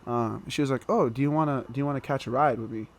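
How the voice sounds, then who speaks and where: Appearing as a guest on a podcast, a young man tells a story in a casual, animated way, laughing through the funny bits. He talks fast in a mid-range voice.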